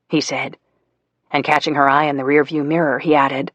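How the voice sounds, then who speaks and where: A man narrating a psychological thriller audiobook in a measured storytelling manner, voicing the characters as he goes. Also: medium pitch, flat delivery, fairly bright tone, no echo. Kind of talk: scripted narration.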